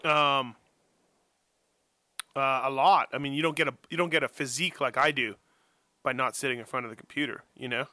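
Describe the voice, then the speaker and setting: A man's voice: medium pitch, fairly even intonation, fairly quick, pauses often, bright, forceful tone, dry recording. A man guest on a podcast interview, talking casually and rambling with lots of fillers and restarts, joking at his own expense. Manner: rambling, self-deprecating, many fillers and restarts. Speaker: motocross journalist guest. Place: home office.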